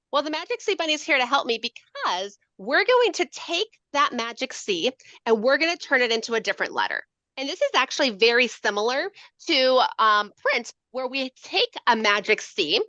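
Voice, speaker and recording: Woman educator, bright lively voice, dry dull video-call sound, playful demo style. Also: high-pitched, no room sound. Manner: animated, playful, asks questions. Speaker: literacy educator. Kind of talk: lively teaching demonstration.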